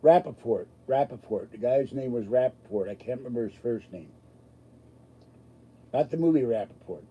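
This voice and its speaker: A man's voice: mid-range voice, animated, normal speed, husky, muffled recording. A man hosting a live stream, chatting casually with a rambling, self-deprecating, joking manner. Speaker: livestream host answering chat.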